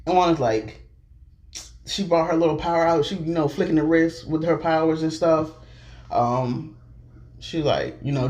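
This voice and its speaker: Man, excited, rambling, scattered casual recap, voice on the high side. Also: moderate pace, pauses often. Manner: loose, filler-heavy talk with restarts. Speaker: show recap vlogger.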